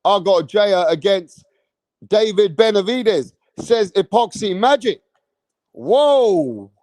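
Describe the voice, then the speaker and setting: A young British man hosting a boxing live stream, talking in slangy, animated bursts straight to his chat. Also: high-pitched, unhurried, dry recording. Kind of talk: casual live-stream commentary.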